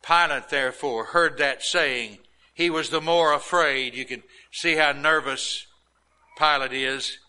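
Preacher man, slow and drawn out, bright clear voice, acts out the bible quotes. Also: on the high side, rough recording. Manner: dramatic, emphatic storytelling with acted quotes. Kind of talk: sermon.

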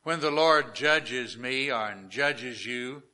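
Slow, bright-voiced male preacher. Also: mid-range voice. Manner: slow, emphatic preaching with scripture reading. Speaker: pastor. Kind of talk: sermon.

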